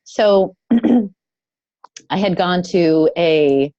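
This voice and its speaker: A woman telling a personal story in a casual, thoughtful way, pausing often with fillers. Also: on the low side, mellow, dry recording. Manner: thoughtful, halting, with many fillers. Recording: dull lo-fi, dry sound.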